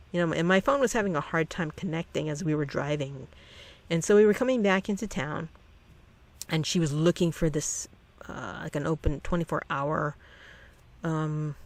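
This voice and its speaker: In a medium-pitched voice, a channel host recounts something personal, drifting off track and frequently beginning sentences again.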